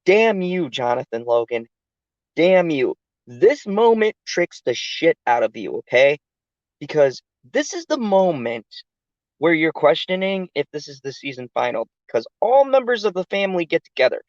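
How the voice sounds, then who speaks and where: An adult reviewer talking through a TV episode in a casual, animated way and swearing freely. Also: mid-range voice, moderate pace, no room sound, highs cut off. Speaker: TV show reviewer.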